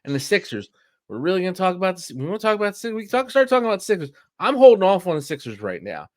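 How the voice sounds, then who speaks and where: A man's voice: high-pitched, big pitch swings, racing, dry recording, studio quality. A man, co-hosting a podcast and ranting heatedly about sports with plenty of profanity. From Philadelphia. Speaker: podcast co-host. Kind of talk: casual sports chat.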